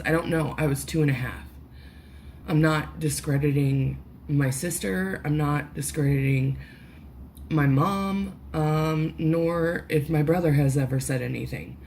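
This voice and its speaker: Emotional lady vlogging, slow halting talk, lowish voice, bit of hiss behind. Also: darkish tone. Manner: halting, full of "like" and restarts, swearing. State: emotional, close to tears. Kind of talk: emotional personal vlog. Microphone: headphones with mic.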